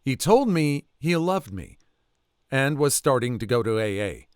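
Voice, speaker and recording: A man reading online stories aloud with lively storytelling. His pitch swings widely as he speaks. The sound is dry, with no room echo. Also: unhurried, clear, resonant tone. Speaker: narrator.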